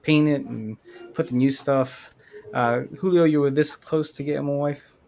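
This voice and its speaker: A man's voice: on the high side, steady tone, normal speed, gravelly, darkish tone, slight background noise. Casual man chatting on stream. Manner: laid-back, rambling with fillers. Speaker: stream host. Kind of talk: casual chat.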